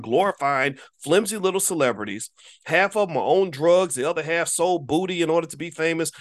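A man giving a casual monologue to viewers as an online commentator. He speaks emphatically and preachily, with casual profanity, and repeats words when he restarts a thought. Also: a little high.

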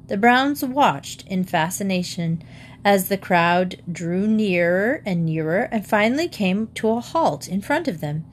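A woman narrating a children's storybook aloud in a measured, clear way. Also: medium pitch, expressive, slight background noise.

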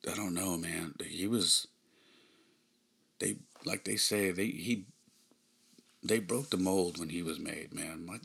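A man in his thirties hosting a podcast, telling a personal story in a subdued, halting way with frequent sighs. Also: deep voice, gravelly, bright, forceful tone, breathy edge. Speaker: podcast host.

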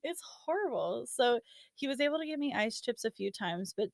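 Crowd noise surrounds a young woman whose slightly high, gravelly voice has lively intonation and a normal speed. Chatting casually, she spins a long personal story, laughing a lot, filling pauses with fillers, and acting out other people's words.

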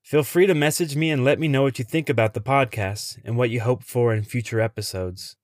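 A man who hosts a podcast, telling a tense first-person story in a measured way. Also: mid-range voice, no echo, clean studio sound.

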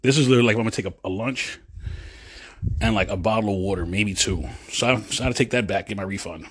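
This podcast host is a man in his forties whose voice sits on the low side, slightly rough, at a quick pace. Pacing as he talks, he delivers a chatty, rambling monologue, often breaking off mid-phrase and calling his listeners "folks."

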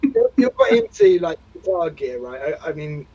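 A man's voice: on the high side, wildly swooping pitch, moderate pace, dark tone, slightly rough, muffled recording. A man hosting a casual podcast chat, rambling and self-deprecating. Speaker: podcast host.

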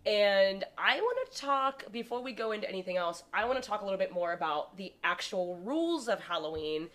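A young woman chats on a podcast about a holiday's history, and she laughs easily. She fills her talk with "like", at an everyday pitch. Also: animated, brisk, a bit bright. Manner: chatty, laughs often, many "like" fillers. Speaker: podcast co-host. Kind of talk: casual chat.

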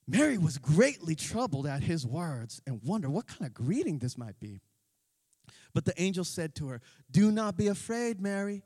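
A man preaches in a loose, conversational way and throws slang into his sermon. His voice sits high and swings up and down a lot. The sound carries a long reverb from a large hall. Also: darkish tone. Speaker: pastor.

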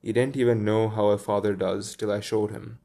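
A man's voice: fairly low pitch, level tone, moderate pace, warm tone, close to an everyday voice. A man reading aloud as John, a young boy who grumbles. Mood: grumbling.

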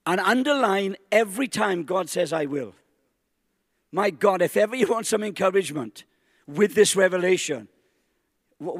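Man, pastor, sermon, high voice, unhurried delivery, emphatic. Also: studio quality. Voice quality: emphatic, rising to exclamations, dramatic slow stresses. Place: large church hall. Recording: long hall reverb.

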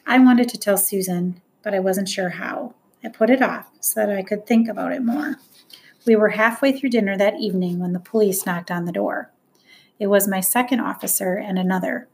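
A woman reading a first-person novel aloud as an audiobook narrator, earnest and measured. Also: medium pitch, vocal fry, darkish tone.

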